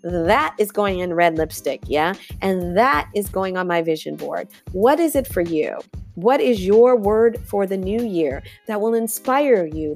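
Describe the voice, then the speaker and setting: Woman, motivational podcast host, emphatic, animated, faint background music. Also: medium pitch. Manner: emphatic, addresses listeners as y'all, animated. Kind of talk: motivational monologue.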